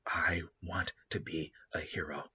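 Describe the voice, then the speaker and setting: A mad genius turned hero answers in prim, over-polite phrases, as a man puts him on. The low, husky voice comes through a dull lo-fi recording. Under the courtesy sits a quiet menace. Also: a little fast. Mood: mock-polite. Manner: overly polite, stiffly courteous.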